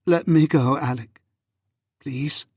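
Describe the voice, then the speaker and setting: A man voicing a hurt, proud young Regency wife in an audiobook, with a husky, measured and restrained delivery. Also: fairly high pitch, fairly even intonation, a little mellow, no room sound, studio quality, pitched above the performer's own voice. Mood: wounded. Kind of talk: audiobook reading.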